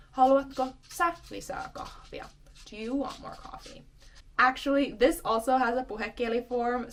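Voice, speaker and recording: A young adult woman teaching a language lesson, explaining patiently and repeating example words clearly. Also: a little high, fairly bright tone.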